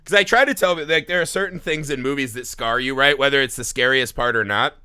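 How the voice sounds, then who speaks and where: A man in his thirties from the US Midwest, a podcast host telling a story in casual chat, swearing and acting out shouts with laughs. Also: medium pitch, brisk, smooth. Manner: animated, swearing, acts out shouts and laughs while telling stories.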